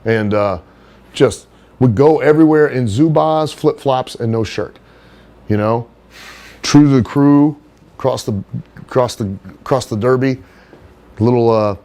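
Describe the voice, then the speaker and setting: A middle-aged man, a wrestler, chatting as a podcast guest, blunt and profane, telling animated stories. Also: medium pitch. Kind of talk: casual chat, storytelling.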